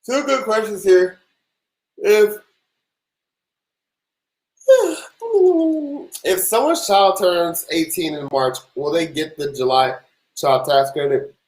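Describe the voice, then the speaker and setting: A man's voice: on the high side, unhurried. A young man, hosting a casual tax Q&A livestream, laid-back and sleepy, chatting with viewers between answers. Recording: echoey room.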